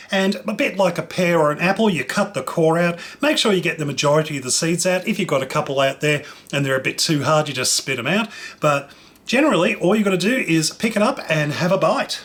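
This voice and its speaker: A man's voice: a little high, a bit bright. A man hosting a casual cooking show, chatting enthusiastically as he tastes and describes fruit. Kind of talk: casual food demonstration.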